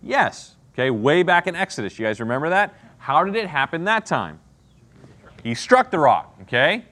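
A man's voice: on the high side, very animated, normal speed, pushed and bright. A man teaching an interactive Bible lesson, asking the class questions and often checking in with "okay?" and "right?".

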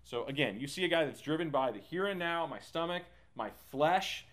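Male Bible study leader, slightly high-pitched, relaxed and rambling. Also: moderate pace. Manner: talkative, many fillers and restarts. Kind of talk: casual teaching.

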